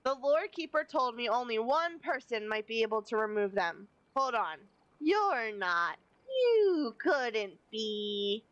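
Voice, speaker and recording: A spirited young archer princess, read aloud by a woman streamer. Her lines come in a plain voice that makes no attempt at an accent, pitched a little high. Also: very animated, slow pace, a bit bright, dry recording, highs cut off, full character voice. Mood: upbeat. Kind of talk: reading game dialogue aloud.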